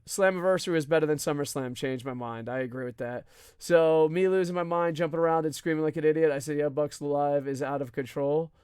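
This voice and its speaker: A man hosting a live wrestling podcast alone, ranting loudly and swearing often as he reads viewer comments. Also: on the high side, clean tone, no echo, clean studio sound. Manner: loud, profane, often yelling.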